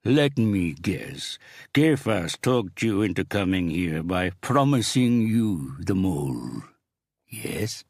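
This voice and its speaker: A man voicing a huge, theatrical crime boss who speaks in slow, mocking, thundering tones. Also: sits low, very animated, a little mellow, husky, dry recording, studio quality, voice pushed up, heavily acted. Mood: mocking menace.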